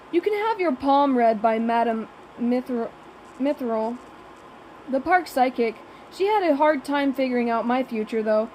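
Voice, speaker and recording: A woman's voice: high voice, animated, normal speed, darkish tone, a little hiss or hum, poor audio. A woman narrating an audiobook in the first person, with a wry, sarcastic young voice.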